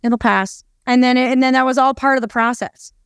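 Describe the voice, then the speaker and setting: A woman co-hosting a casual podcast, talking playfully in quick bursts and repeating her phrases. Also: high-pitched, steady tone, a bit bright, clean tone, no echo, clean studio sound. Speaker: podcast co-host. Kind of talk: casual conversational podcast chat.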